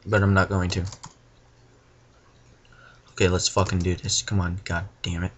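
A young man giving profane, frustrated let's play commentary, ranting and now and then bursting into yells. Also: deep voice, completely flat delivery, normal speed, long pauses, lo-fi sound. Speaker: gamer.

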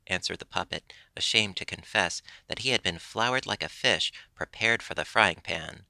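A man reading a classic children's story aloud as an audiobook narrator, steady and measured. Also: sits low, creaky, no echo.

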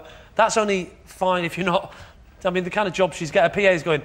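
A man captaining a panel show team, teasing rapidly and acting out little voices. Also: sits high, fairly even intonation, fairly bright tone. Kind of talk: quick comic banter. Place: TV studio.

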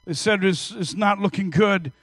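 Male preacher in his fifties, high voice, dry close sound, energetic storytelling sermon. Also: moderate pace, husky, dry recording. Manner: energetic storytelling preacher, swings from hushed to loud. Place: church service.

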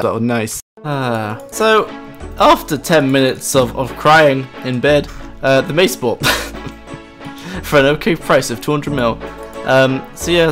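A man narrating his own gameplay in a lively, excitable way, his voice leaping high whenever things go wrong. He laughs at his own bad luck. Game music plays clearly underneath him. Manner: excitable, quick swings into high-pitched outbursts. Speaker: gaming channel host. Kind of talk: live game commentary. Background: game background music.

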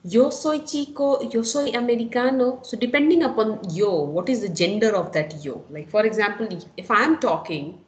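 A woman's voice: fairly high pitch, expressive, moderate pace, hardly any pauses, a little mellow, reverberant, a little hiss or hum, low-quality recording. A woman teaches a Spanish lesson, explaining step by step and often checking in with "no?" and "okay?". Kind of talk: online lecture.

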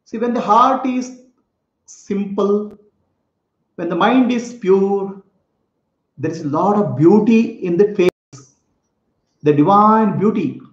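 A man's voice: high voice, slow, long pauses. A man, a spiritual teacher, telling a sacred story for children in simple, repetitive words and explaining terms. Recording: echoey room, dull lo-fi sound.

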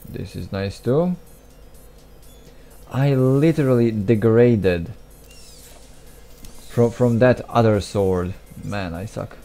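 A man's voice: lowish voice, slow pace, pauses often, dark tone. A young man giving casual gameplay commentary, mumbling, restarting his sentences and putting himself down. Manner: mumbly, self-deprecating, frequent restarts and asides. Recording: faint game music behind.

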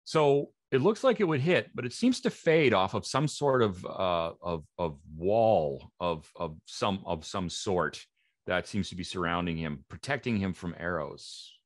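A man narrating as game master of a tabletop game, pausing and searching for words. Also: low voice, lively intonation, no echo, studio quality. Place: live event room.

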